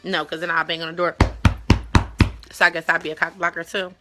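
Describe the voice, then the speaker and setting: A young adult woman hosting a web talk show, chatting casually in a blunt, profane and playful way, with loud mock-disgusted outbursts. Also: fairly low pitch, level tone, fairly quick, loud music behind the voice. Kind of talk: casual chat, reacting to viewer stories.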